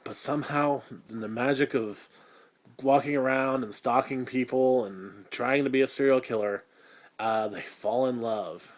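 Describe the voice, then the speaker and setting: A man's voice: mid-range voice, unhurried. Man, 30s, host, casual review, crude, sarcastic, rambling.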